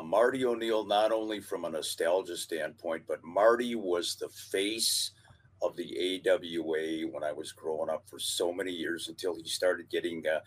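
Husky low-voiced man reminiscing. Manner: reminiscing, measured, knowledgeable. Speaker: co-host and former wrestling announcer. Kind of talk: casual podcast chat.

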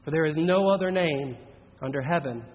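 A man preaching a sermon in an earnest, measured way, slowing down for emphatic phrases. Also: a little high. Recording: dull audio with long reverb in a large hall.

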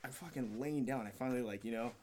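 A man's voice: medium pitch, quick pace, darkish tone, a little hiss or hum. A man, a fighter being interviewed on a podcast, telling a long personal story in a candid, rambling way, swearing often and acting out what people said. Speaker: podcast guest, MMA fighter.

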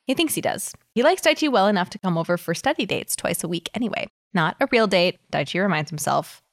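A woman's voice: on the low side, quick pace, no echo. Woman reading fan fic on a podcast, giggly, voice bouncing all over, super dry sound. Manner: giggly, reads dialogue with lively voicing. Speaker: podcast co-host reading fan fiction aloud. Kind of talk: casual chat and dramatic reading.

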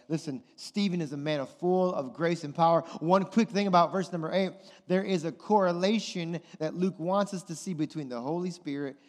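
A man preaching a sermon, animated and conversational, often putting questions to his listeners. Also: on the high side, long reverb tail. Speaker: pastor.

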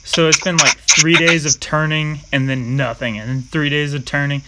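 A young man chatting casually, an animated storyteller who swears freely, with background hiss on the recording. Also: a little high, normal speed. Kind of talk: casual chat.

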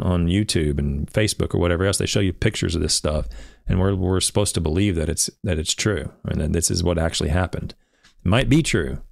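Male podcast host critiquing research; deep voice with fry, insistent and prone to giggles. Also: a little mellow, no echo, clean studio sound. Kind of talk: reading and critiquing a paper aloud.

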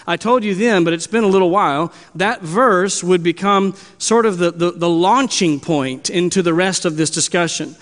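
High-voiced male pastor in a reverberant hall. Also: moderate pace, hardly any pauses, a bit bright. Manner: earnest teaching, repeats key words with restarts. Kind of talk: expository sermon.

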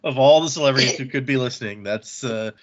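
An easygoing man co-hosting a book podcast, chatting loosely and letting his sentences wander off. His voice sits at an ordinary middle pitch. The audio is a bit muffled and lo-fi. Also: fast talker. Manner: easygoing, rambling, trails off mid-sentence. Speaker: podcast co-host. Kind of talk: casual chat.

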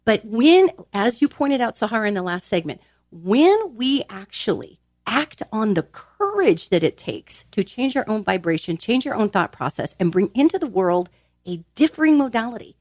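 A woman's voice: normal speed, dry recording, clean studio sound. A woman giving an emphatic, upbeat motivational talk on a podcast. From grew up in a large Italian family. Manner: animated, emphatic, acts out little quoted voices; expressive, swinging pitch.

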